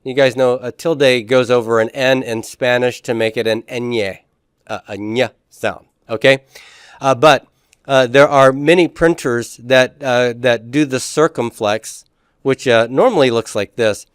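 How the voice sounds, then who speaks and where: A man teaching a classroom lecture in a relaxed way, with frequent fillers and restarts. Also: medium pitch, measured pace, clear, resonant tone, no room sound, clean studio sound.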